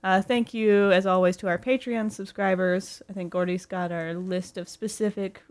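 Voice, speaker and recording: A woman hosts a podcast and briskly steers the conversation between segments. Her voice is of ordinary pitch for a woman. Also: fairly even intonation. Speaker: podcast host. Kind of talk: casual podcast hosting.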